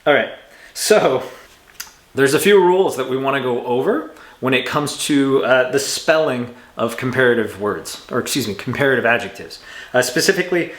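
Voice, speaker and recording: A man's voice: medium pitch, moderate pace. Guy teaching english grammar at home, chill and chatty, fixes himself a lot, mid voice, roomy echo. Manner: relaxed, chatty, self-correcting. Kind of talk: casual grammar lesson. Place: home room with a cat.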